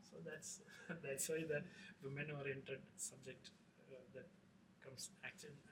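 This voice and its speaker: A middle-aged man, a film director talking in an interview, halting with many fillers and restarts. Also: mid-range voice, flat delivery. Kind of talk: casual interview talk. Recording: distant mic with faint noise.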